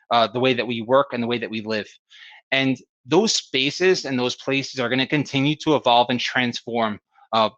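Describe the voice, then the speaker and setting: A man's voice: mid-range voice, bright, forceful tone, dry recording, dull audio. A man giving a conversational keynote talk at a virtual event, with frequent fillers and restarts. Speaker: keynote speaker. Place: home or office, remote virtual event.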